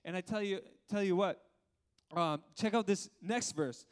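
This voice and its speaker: A pastor in his thirties delivers a sermon with a notably high voice for a man. He keeps it lively, laughs along the way and often turns to the congregation with questions. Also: a little slow, clear, resonant tone.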